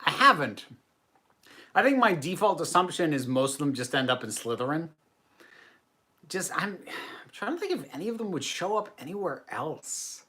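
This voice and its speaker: A man's voice: a little high, sing-song, moderate pace, pauses often, bright, forceful tone. A man hosting a casual livestream. He chats and answers viewer comments in a self-deprecating way. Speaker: host.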